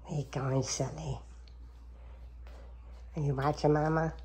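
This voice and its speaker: Cat mom, low husky voice, cooing and whispering pet talk at home. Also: female voice, steady tone, a little slow, a little mellow. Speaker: cat owner filming her cats. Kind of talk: casual baby talk to pets. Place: home, at a table with coffee.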